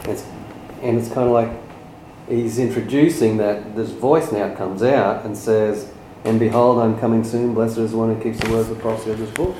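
A man with a somewhat low voice reads scripture aloud in a loose, chatty way. He sounds set back from the microphone in an echoey room, with clear background noise around him. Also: fairly even intonation, moderate pace, mellow. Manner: casual, reads passages aloud in a loose, conversational way. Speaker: study group participant. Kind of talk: reading scripture aloud and commenting. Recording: echoey, noisy room, voice off-mic.

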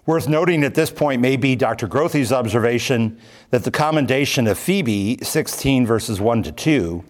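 Leading a Bible study, a man with a mid-range, expressive voice reads from a commentary and explains it at an unhurried pace, filling his speech with many ums and uhs.

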